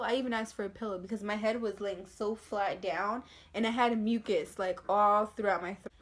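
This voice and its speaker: A woman's voice: medium pitch, moderate pace, hardly any pauses. Young woman emotionally telling her birth story. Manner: emotional, animated retelling with acted quotes. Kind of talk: casual personal storytelling to camera.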